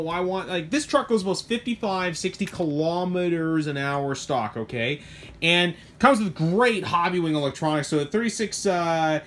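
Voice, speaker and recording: A middle-aged man with a slightly higher voice talks shop in a loose, animated way. He rambles, doubles back and throws in mild cursing as he walks through a truck he sells. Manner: animated, rambling, swears mildly, lots of asides. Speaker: hobby shop owner reviewing a truck. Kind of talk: casual product talk.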